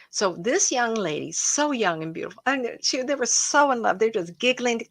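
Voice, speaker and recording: A woman psychic medium hosting a livestream, telling stories in an emotional, animated way and often breaking into laughter. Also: mid-range voice, moderate pace, few pauses. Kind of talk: casual livestream storytelling.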